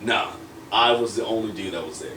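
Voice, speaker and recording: A man's voice: lowish voice, fairly quick, pushed and bright. A man telling a story in a casual interview, rambling and full of fillers, acting out quoted lines. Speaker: wrestler guest. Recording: roomy echo, distant from mic, faint noise.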